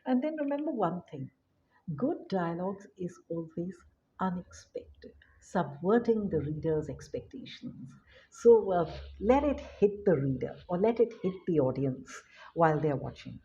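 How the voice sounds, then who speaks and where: Woman, writing teacher, relaxed low voice, faint hiss behind. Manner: unhurried, many filler words, demonstrative. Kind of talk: spoken lesson. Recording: dull lo-fi audio with faint noise.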